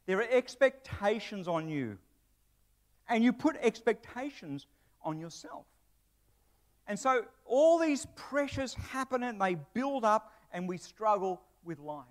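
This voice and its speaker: A man's voice: high-pitched, animated, unhurried. A man preaching a sermon to his church in a conversational way, with asides and humor. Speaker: pastor; broadcast presenter.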